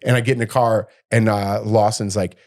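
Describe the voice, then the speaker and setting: Animated middle-aged man telling a story. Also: on the low side, normal speed. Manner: animated, acts out quotes in a raised voice. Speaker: podcast co-host. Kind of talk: casual storytelling chat.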